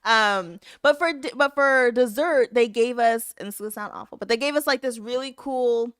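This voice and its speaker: A woman co-hosting a podcast, telling stories in a casual, animated way and laughing often. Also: on the high side, normal speed, clear, resonant tone, no echo, studio quality. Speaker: podcast co-host. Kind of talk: casual chat.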